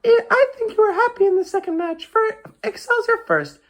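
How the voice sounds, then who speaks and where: A woman's voice: extremely high pitch, fairly quick. A woman doing a gossipy old nurse. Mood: coaxing. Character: chatty earthy old female nurse. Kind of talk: amateur Shakespeare reading.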